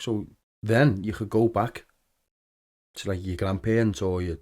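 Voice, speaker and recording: A man, a former footballer, telling lively anecdotes in a casual podcast interview, acting out the dialogue. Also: on the low side, measured pace. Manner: animated anecdotes with acted-out dialogue.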